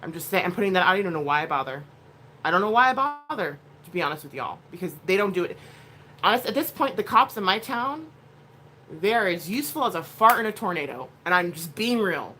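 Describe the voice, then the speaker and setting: A woman's voice: fairly low pitch, big pitch swings, brisk, bright, forceful tone, slight background noise. A woman vlogging at home, telling a rambling story in a blunt, casual way with plenty of swearing. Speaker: vlogger, mother.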